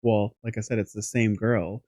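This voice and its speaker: Casual, animated male podcast storyteller. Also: on the low side, normal speed, dry recording, studio quality. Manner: animated, rambling anecdote with casual swearing. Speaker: podcast co-host.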